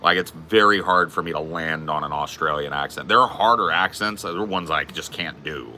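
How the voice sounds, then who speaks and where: A man's voice: very deep voice, brisk, pushed and bright, a little hiss or hum. A man hosting a casual podcast chat, crude and laid-back, calling people bro. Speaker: podcast host.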